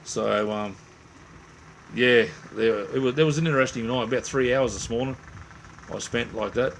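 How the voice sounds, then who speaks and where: An Australian man hosts a late-night livestream, tired from little sleep, chatting with viewers in a rambling, laid-back way full of "mate," "um," and friendly slang. His voice is gravelly and medium-pitched at a moderate pace, with slight background noise.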